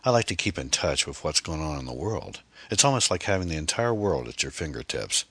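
A man voicing a charming, secretive man who talks smoothly and evades questions in an audiobook. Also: rumbling low, sing-song, fairly quick, bright, forceful tone, no echo, heavily acted. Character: charming, secretive man showing off his house.

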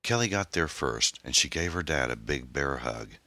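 A man with an extremely deep voice reads his own novel in scripted audiobook narration, animated, unhurried, and measured, with lots of pitch rise and fall. The tone is bright, and the sound is close and dry with no room sound.

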